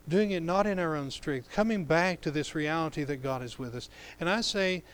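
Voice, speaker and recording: A man preaching a sermon as pastor, swinging between loud emphatic lines and hushed, drawn-out phrases, and acting out scripture dialogue in a lowered voice. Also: clear, resonant tone.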